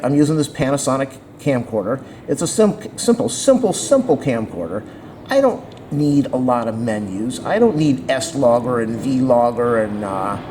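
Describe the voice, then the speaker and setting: A man's voice: medium pitch, warm tone, a little hiss or hum. Blunt, sarcastic man ranting to camera. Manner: sarcastic and blunt, rambling with restarts. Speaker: vlogger reviewing a camera. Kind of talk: casual opinionated rant.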